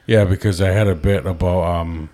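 A man's voice: low voice, fairly even intonation, normal speed, warm tone. Crude, laughing podcast co-host, a man. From Mohawk Nation. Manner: crude, laughing, retells a stand-up joke. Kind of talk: casual comedy chat.

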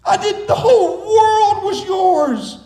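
Preacher doing a heartbroken father god, high pleading voice calling out, roomy echo. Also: expressive, slow, full character voice. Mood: anguished. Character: grieving fatherly male creator calling out.

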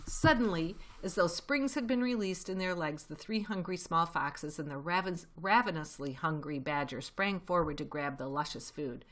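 A woman reading a children's novel aloud in a steady, expressive storytelling voice. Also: lowish voice, normal speed, hardly any pauses. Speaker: reader.

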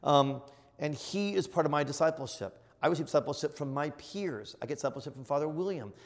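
A middle-aged man, a bishop, teaching in an earnest, emphatic sermon style that surges to loud exclamations. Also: fairly high pitch, a little fast. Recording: long reverb of a large hall.

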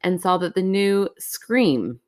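A woman with a rather low voice talks casually as a podcast co-host. She rambles loosely and fills her talk with "like". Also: lively intonation, slow, darkish tone. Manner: chatty, rambling, filler-heavy. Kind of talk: casual chat.

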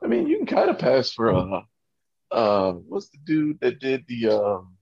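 A man's voice: mid-range voice, wildly swooping pitch, a little slow, muffled recording, a crowd in the background. A man in casual chat, easygoing and teasing, who hunts for words as he talks.

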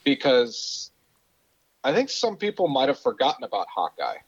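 A man's voice: mid-range voice, wildly swooping pitch, normal speed, husky. Casual male co-host, slightly lo-fi. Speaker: podcast co-host. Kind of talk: casual chat. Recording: slightly dull lo-fi sound.

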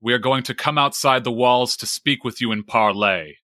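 A man playing a calm, bold adventurer. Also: mid-range voice, moderate pace, dry recording, studio quality, pitched above the performer's own voice, natural voice. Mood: resolute.

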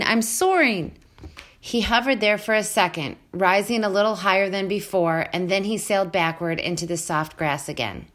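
Woman storybook reader, slightly low voice, clear and steady. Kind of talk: reading a children's novel aloud.

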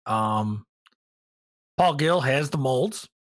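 A middle-aged man co-hosting a casual hobby podcast, relaxed and rambling with many ums, a little tired. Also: mid-range voice, very slow. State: tired, yawning. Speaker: podcast co-host. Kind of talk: casual hobby news chat.

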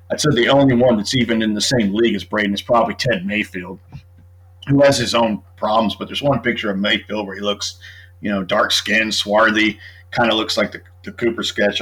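A husky, fairly bright, lowish male voice comes through a rough recording. He's a middle-aged author and true crime guest on a casual podcast, chatty and methodically building his case point by point.

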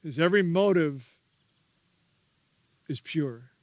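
A man's voice: fairly high pitch, animated, takes it slowly, a little mellow. A man preaching a sermon as pastor, emphatic and repetitive, prompting the congregation to repeat key words.

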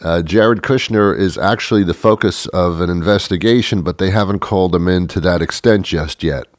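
Very deep-voiced sarcastic male host. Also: moderate pace, no room sound, clean studio sound. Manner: mocking, chuckling often. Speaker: political commentary host. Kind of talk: sarcastic political monologue.

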